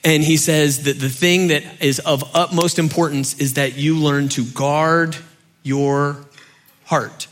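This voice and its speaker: A middle-aged man preaching a sermon in a loose, conversational way, full of fillers, dropping soft for key points. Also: on the high side, takes it slowly. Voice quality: animated storyteller, acts out shouting parents. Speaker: pastor.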